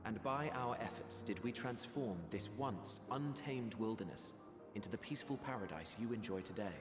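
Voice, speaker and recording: Serene ancient sage played by a man, slightly low, reverent and measured, for a game scene. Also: close to an everyday voice. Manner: measured, archaic, reverent speech. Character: solemn, serene ancient male scholar. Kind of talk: video game voice acting. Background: game score music.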